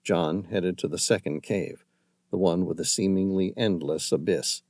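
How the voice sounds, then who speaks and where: Mellow male audiobook narrator. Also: low-pitched, no room sound, clean studio sound. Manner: dramatic, measured storytelling. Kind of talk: scripted narration.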